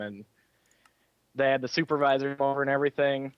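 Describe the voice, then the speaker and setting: A man's voice: medium pitch, level tone, a little fast, clean tone, no room sound, dull audio. A man who works as a rides operator at a theme park, telling a story in casual chat and acting out the people he quotes. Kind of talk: casual chat while gaming.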